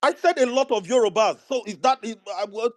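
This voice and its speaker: A man's voice: very high-pitched, fairly quick. A man with a Nigerian accent defending his words in a heated online debate. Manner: defensive, insists he is right. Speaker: debate participant. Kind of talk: heated argument.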